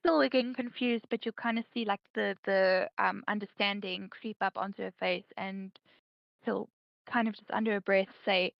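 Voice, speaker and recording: A woman's voice: mid-range voice, fairly even intonation, moderate pace, creaky, no room sound, dull audio. A woman narrating her character's actions in a tabletop role-play game, hesitant and full of fillers. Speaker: player.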